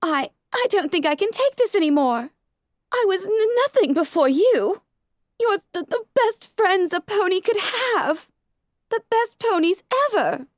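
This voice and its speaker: A woman's voice: very high voice, sing-song, normal speed, no echo, studio quality, voice pushed up. A woman voicing an elegant, refined young female unicorn pony with a genteel way of speaking. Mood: sobbing. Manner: genteel, says darling.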